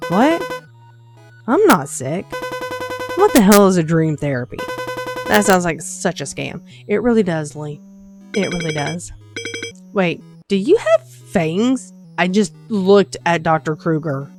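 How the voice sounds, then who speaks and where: Slow, low-voiced woman gaming host. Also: very animated. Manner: chatty and reactive, with many fillers. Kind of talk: casual game commentary. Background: game music.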